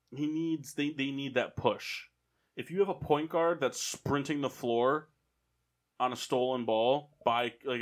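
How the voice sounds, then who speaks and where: A man co-hosting a casual sports podcast, arguing his opinions at length. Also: medium pitch. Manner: opinionated, argues points at length. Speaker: podcast co-host.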